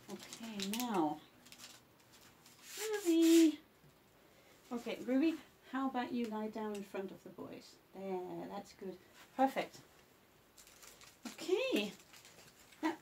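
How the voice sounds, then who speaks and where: A woman gently coaxes cats into place for a photo session, calling their names again and again. Her voice sits fairly high and she talks slowly, with a faint hiss of noise behind her. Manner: coaxing, repeating cat names and commands. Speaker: pet photographer. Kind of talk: coaxing pets during a photo shoot. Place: indoor home photo session.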